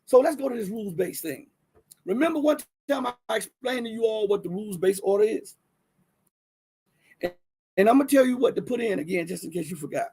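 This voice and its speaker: Man, Southern accent, livestream host, husky voice, high pitch, talks to viewers directly. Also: brisk. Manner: animated, talks to viewers directly, many restarts and fillers. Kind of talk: casual livestream commentary.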